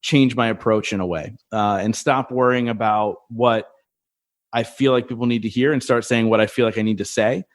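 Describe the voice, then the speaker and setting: A man's voice: lowish voice, steady tone, normal speed. A man hosting a podcast interview, talking in a reflective way with filler words. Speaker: podcast host.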